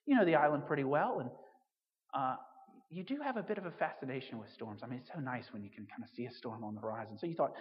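A man's voice: mid-range voice, lively intonation, fast. A man preaching a sermon in a conversational way, full of asides and restarts. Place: church on Jersey. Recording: dull reverberant hall recording.

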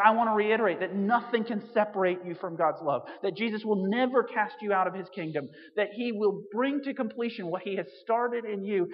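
A man preaching a sermon in a conversational way, full of asides and restarts. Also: high-pitched. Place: church on Jersey. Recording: dull reverberant hall recording.

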